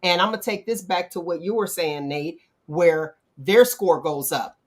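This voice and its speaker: A middle-aged woman hosting a casual talk show, animated and acting out quotes in playful voices. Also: fairly low pitch, normal speed. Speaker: podcast host. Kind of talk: casual chat.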